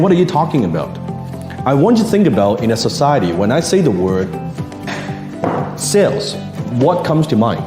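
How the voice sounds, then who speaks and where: A man giving a motivational talk on sales, lively and theatrical, acting out the people he describes. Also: reverberant, in a large hall. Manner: animated, acts out voices with big pitch swings. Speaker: sales coach.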